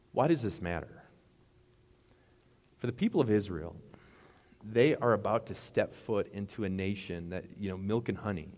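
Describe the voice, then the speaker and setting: A man's voice: on the low side, darkish tone, long reverb tail. A middle-aged man preaching a sermon as pastor, rambling and conversational with asides.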